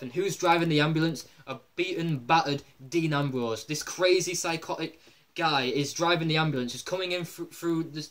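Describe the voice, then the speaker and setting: A young man excitedly rambling in casual commentary to his video viewers, calling them guys. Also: on the high side. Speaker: wrestling fan video host.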